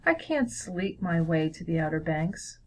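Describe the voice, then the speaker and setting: A woman reading as a frustrated young boy, sulky and sore about missing out. The voice sits a little low for a woman, and it sounds like a storybook read aloud. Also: very animated, a little slow, slight background noise, rough recording. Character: upset young boy sulking.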